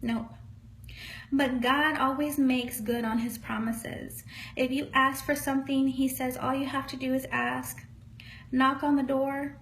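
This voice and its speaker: A woman's voice: high voice, level tone, measured pace, fairly bright tone, a little hiss or hum, rough recording. A woman psychic medium giving a casual live-streamed spiritual reading, speaking in an earnest, encouraging and folksy way. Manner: earnest, encouraging, folksy, calls listeners honey.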